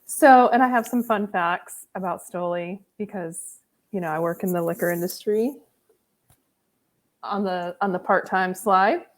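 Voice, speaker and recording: A woman's voice: mid-range voice, unhurried. A young woman chatting casually on a podcast as guest co-host, giggly and eager to share trivia.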